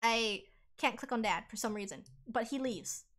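A woman streamer narrating casually as she plays, animated and rambling, with plenty of swearing. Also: a little high, normal speed.

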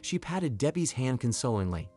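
Guy narrating a story video, clear and even, lively pitch, faint music behind. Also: moderate pace.

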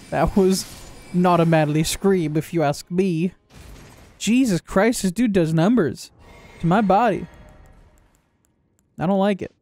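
A man giving casual gameplay commentary, joking, swearing and reacting loudly to the game. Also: sits high, dry recording. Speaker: gaming video creator.

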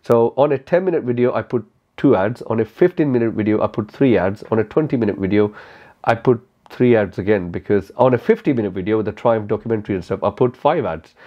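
A man talks casually to camera, answering his viewers' questions with blunt honesty. His voice sits fairly low, and he rambles through fillers and restarts. The recording sounds a little muffled and lo-fi. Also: fast. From India. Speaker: motorcycle YouTuber.

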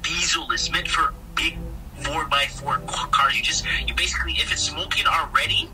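A man's voice: fairly high pitch, moderate pace. A young man, heated and slangy, arguing on a phone call with his fiancée. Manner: exasperated, lively, slangy. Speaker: prank target, fiancé. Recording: distant phone-call audio under loud music.

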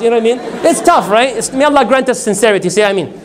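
A man's voice: very high voice, racing, a little hiss or hum. A man giving a religious talk to a live audience, telling personal stories, acting out dialogue and asking the audience to answer him. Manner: storytelling, acts out dialogue, asks audience to respond. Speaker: lecturer.

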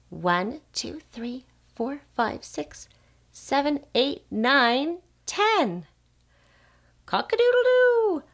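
A woman speech therapist reads a picture book aloud to toddlers. Her voice rises and falls in a lively, sing-song way, and she takes her time. She stops to ask the child questions and makes playful animal sounds. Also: fairly high pitch.

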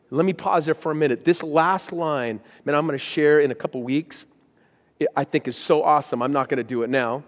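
A man's voice: on the high side, brisk, in a large hall. A man, a pastor, preaching a sermon, reading scripture with rising intensity and then speaking plainly to the congregation. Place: church auditorium.

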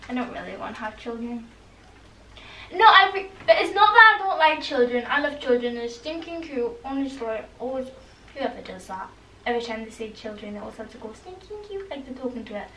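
Teen girl vlogger, high voice, rambly, recorded from a distance. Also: expressive, a little fast, bright, forceful tone. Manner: rambling, chatty, full of "like" and "honestly". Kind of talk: casual talk to camera. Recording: echoey room, mic at a distance.

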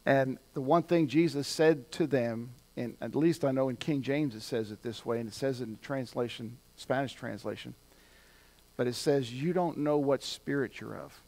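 A male pastor giving a sermon, talking conversationally and building to loud, emphatic points. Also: medium pitch, moderate pace.

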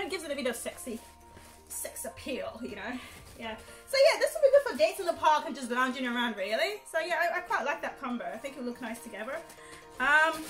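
A young fashion vlogger chats casually on camera at home, rambling and giggling through a haul. Her voice is on the high side and fairly bright, and the recording is rough.

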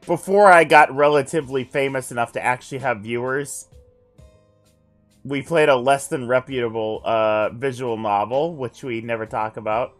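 A man's voice: medium pitch, moderate pace, a bit bright, faint music behind. Man streamer reading a text adventure aloud. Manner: joking asides between narration.

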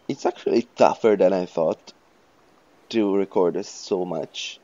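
A man rambling through casual game commentary, swearing and joking at himself, his voice hoarse. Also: sits low, takes it slowly, dark tone, no echo, dull audio. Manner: rambling, profane, self-mocking. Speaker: let's play host.

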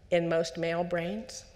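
A woman psychologist giving a lecture to parents at a conference, lively and conversational, putting on the voices of parents and children and asking the audience questions. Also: on the low side. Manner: asks the audience direct questions.

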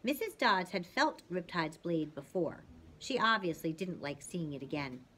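Bright-voiced woman reading a novel aloud. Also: fairly low pitch, normal speed, a little hiss or hum. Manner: lively, dramatic narration with soft, hushed passages. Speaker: reader.

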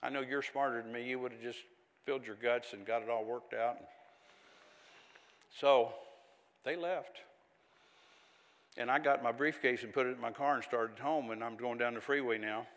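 An older pastor preaches with a bright, forceful voice, swinging between quiet storytelling and fiery, zealous outbursts. His words ring out into a long church-hall reverb. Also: mid-range voice, fairly even intonation, moderate pace, pauses often. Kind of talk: sermon.

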